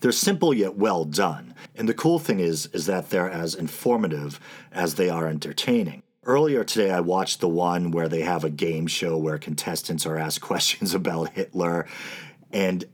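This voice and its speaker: A man with a New England accent hosts his own podcast alone, his voice sitting very low. He talks in a loose, offhand way, dropping wry asides and pausing on small "uh" fillers as he goes. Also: animated. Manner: casual, wry, with frequent "uh" fillers. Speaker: podcast host. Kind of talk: solo podcast commentary.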